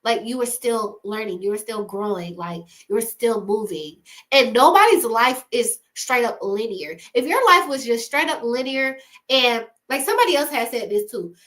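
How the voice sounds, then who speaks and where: A young woman with a high, bright voice gives a casual motivational talk straight to camera. She speaks with emphasis and slang, laughing often as she drives her points home. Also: animated, normal speed. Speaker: YouTuber giving advice.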